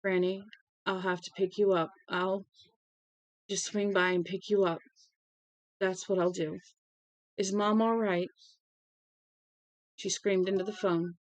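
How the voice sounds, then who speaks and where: A woman's voice: medium pitch, flat delivery, measured pace, long pauses, no echo, rough recording. Woman reading a novel aloud. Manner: reads dialogue with emotion, small slips and self-corrections. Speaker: audiobook reader.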